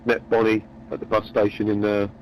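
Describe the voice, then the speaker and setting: A man's voice: lowish voice, monotone, brisk, a little hiss or hum, rough recording. A man telling a long, rambling joke in a chatty, meandering way. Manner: meandering, chatty, repeats words. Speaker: storyteller.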